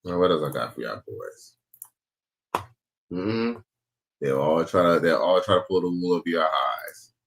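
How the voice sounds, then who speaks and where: Man, reaction host, casual, slangy, low-ish voice. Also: lively intonation, a little slow, vocal fry, long pauses. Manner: slangy, laid-back, repeats "bruh".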